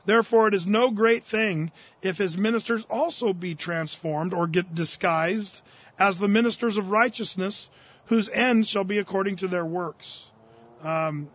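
A man's voice: sits high, a bit bright, no room sound, dull audio. A man preaching a sermon, reading scripture aloud and then paraphrasing it in casual, fervent speech. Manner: fervent, rising in force on key verses. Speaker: pastor. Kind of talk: expository sermon.

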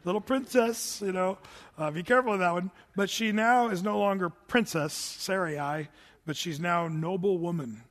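A man's voice: high voice, moderate pace, fairly bright tone, in a large hall. A man preaching a sermon, teaching through Bible verses in a conversational way with joking asides. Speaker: pastor.

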